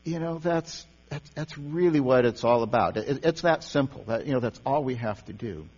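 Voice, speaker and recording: A man's voice: mid-range voice, normal speed, darkish tone, slightly rough. A man giving a conversational sermon in a church, often repeating words and restarting phrases as he teaches. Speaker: pastor or teacher leading a service. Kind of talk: sermon on meditation. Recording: dull lo-fi sound with long hall reverb and mains hum.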